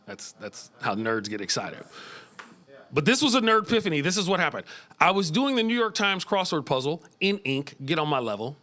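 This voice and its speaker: A middle-aged American man doing a stand-up set in a small club, animated, often jumping into high voices. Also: fast talker. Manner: animated, jumps into high squeaky voices for kids. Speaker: stand-up comedian. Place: small comedy club stage.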